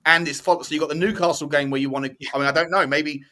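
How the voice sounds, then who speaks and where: A man's voice: fairly high pitch, steady tone, fast talker, pushed and bright. A man on a fan podcast panel, rambling and correcting himself as he talks through fixtures. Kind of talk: casual football debate.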